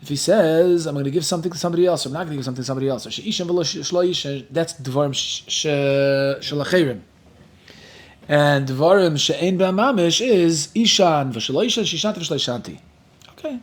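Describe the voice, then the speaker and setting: A man whose first language is Yiddish, teaching a Talmud class in a lively, joking way. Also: on the high side, fairly quick. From Williamsburg, Brooklyn. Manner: lively, joking, mixes Hebrew and Yiddish terms into English.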